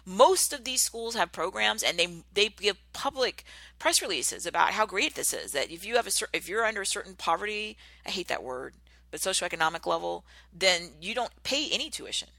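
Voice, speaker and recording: A woman's voice: medium pitch, very animated, fairly quick, gravelly, pushed and bright, no echo. A middle-aged woman hosting a podcast, talking earnestly in a rambling casual monologue full of fillers and restarts. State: tearing up, emotional. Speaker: podcast host.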